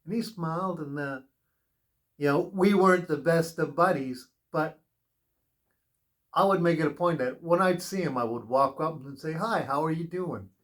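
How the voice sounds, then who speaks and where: A man's voice: fairly high pitch, moderate pace, pauses often, fairly bright tone. A man giving a spiritual tarot reading in an earnest, rambling, advice-giving way, drifting into personal stories. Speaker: tarot reader.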